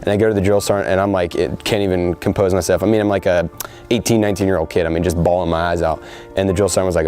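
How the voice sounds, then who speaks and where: Young guy in his 20s, low mellow voice, rattles along fast in a heartfelt interview, lots of ums. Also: steady tone, faint music behind. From United States. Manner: earnest, heartfelt, with frequent fillers. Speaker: soldier interviewed before deployment. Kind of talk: sit-down interview.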